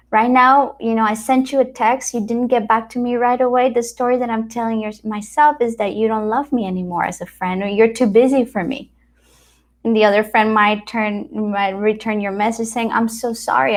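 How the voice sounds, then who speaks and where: A woman, a spiritual teacher giving a casual talk to camera, telling stories and acting out the dialogue. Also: medium pitch. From Latin America. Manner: animated storyteller who acts out quoted dialogue.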